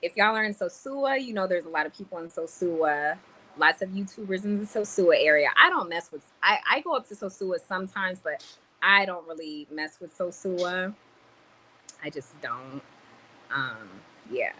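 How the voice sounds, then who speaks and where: The host of this casual livestream, a woman with Cuban roots, speaks at normal speed in a fairly low voice from a store in the Dominican Republic. She's animated, reading out viewer comments and mixing in Spanish words, while the poor audio picks up slight background noise.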